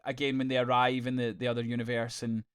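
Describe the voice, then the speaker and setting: A man co-hosting a podcast, chatting in a gushing, sweary, animated way. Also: medium pitch, quick pace, clean tone. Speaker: podcast co-host. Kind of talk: casual review chat.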